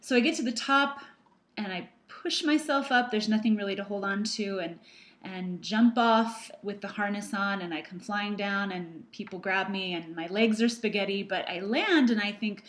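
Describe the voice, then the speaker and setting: A woman's voice: medium pitch, moderate pace. A middle-aged woman talks straight to the camera about her work as a practitioner. She is earnest and chatty, and her sentences stumble and restart as she tells her story. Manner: earnest, storytelling with fillers and repeats. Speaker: emotional processing practitioner. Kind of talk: casual talk to camera.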